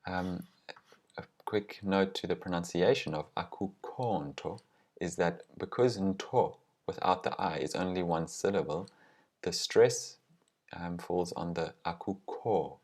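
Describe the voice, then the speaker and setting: Very deep-voiced man teaching grammar. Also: a little mellow. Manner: slow, careful pronunciation of example phrases. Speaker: language teacher. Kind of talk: explaining grammar with example phrases.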